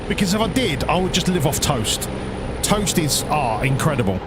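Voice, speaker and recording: A man's voice: fairly high pitch, normal speed, very noisy. A man giving rambling, crude, jokey commentary while streaming a game. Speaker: gaming streamer. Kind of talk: casual gameplay commentary.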